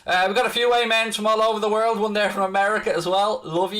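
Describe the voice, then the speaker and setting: A man with a fairly high voice hosts a live fan stream. He chats in a loose, upbeat way and picks up viewer comments as he goes. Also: steady tone, a little fast, hardly any pauses, pushed and bright. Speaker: fan channel host.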